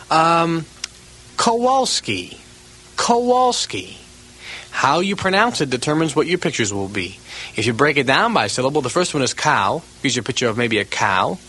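A man with a slightly high, husky voice teaches a recorded lesson. His pitch swings widely as he stresses and repeats example words, stretching them out slowly. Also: bright, forceful tone, low-quality recording. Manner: emphatic, drawn-out repetition of example words. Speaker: memory course instructor.

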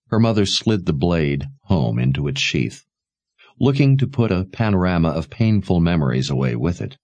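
A man narrating a novel aloud in a measured, expressive storytelling manner. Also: deep voice, dry recording. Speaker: audiobook narrator. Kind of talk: scripted narration.

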